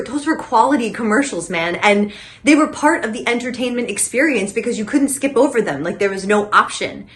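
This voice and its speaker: Rambling, animated young woman hosting a vlog. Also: a little high. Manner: rambling and animated, full of "like" and tangents. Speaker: host of a nostalgia channel. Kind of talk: comedic scripted vlog monologue.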